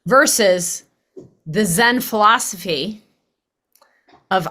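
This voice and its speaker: Lively woman podcast host. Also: on the low side, slow pace, pauses often. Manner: animated, acts out quoted voices. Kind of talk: casual conversational interview.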